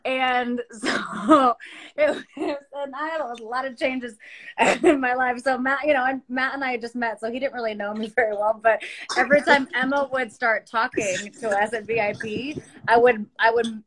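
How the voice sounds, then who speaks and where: Chatty woman with a bright, higher voice. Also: steady tone, moderate pace. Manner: chatty, laughs often while storytelling. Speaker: co-host of a live stream. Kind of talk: casual chat.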